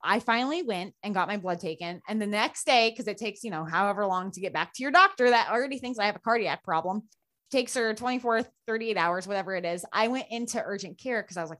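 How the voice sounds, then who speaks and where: Chatty woman with a higher voice. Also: fast. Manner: animated, acts out others' voices in quotes; chatty, frequent "like" fillers. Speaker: podcast guest. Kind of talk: casual personal storytelling.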